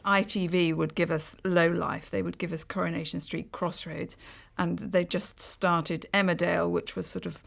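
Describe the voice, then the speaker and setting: Woman in an interview with a gravelly lowish voice, doesn't mince words. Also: little pitch movement, moderate pace, a bit bright. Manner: frank, opinionated. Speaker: actress being interviewed.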